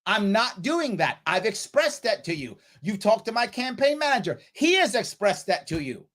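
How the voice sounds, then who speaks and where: A man's voice: high-pitched, big pitch swings, moderate pace, fairly bright tone. A man hosting a political livestream, reading chat comments aloud and answering them bluntly, at times scolding a commenter heatedly. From New York. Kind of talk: live-stream talk reading chat comments.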